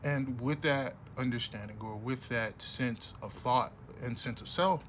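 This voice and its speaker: A man in a casual monologue talks bluntly, often restarting his sentences and growing heated as he pushes his point. His voice has a sharp, forceful edge at an ordinary pitch. Faint background hiss sits under the recording. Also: unhurried. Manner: blunt, rambling, many restarts. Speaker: vlogger.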